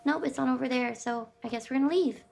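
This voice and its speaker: A woman's voice: high-pitched, fast talker, gravelly, a little mellow, faint music behind. A woman streamer chatting and reacting aloud as she plays, talking back to the game. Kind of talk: live game stream commentary.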